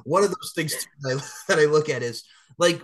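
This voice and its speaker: A man's voice: a little high, a little fast. A man hosting a casual interview, enthusiastic and emphatic, prone to laughing digressions. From Long Island, New York.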